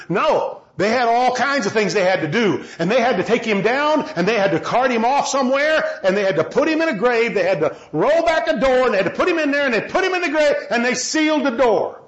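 A man preaching a sermon with passion, moving between loud shouting and low, quiet lines. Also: reverberant, muffled recording.

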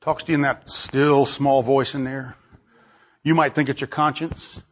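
A male preacher, medium in pitch with little pitch movement, speaks in an unhurried way. His sermon is emphatic and full of rhetorical questions, moving between loud and hushed delivery. It's captured on a dull lo-fi recording.

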